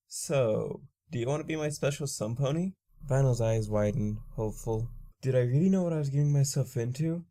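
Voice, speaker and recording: A man's voice: lowish voice, warm tone. A man narrating a fan fiction story in the first person, reading steadily.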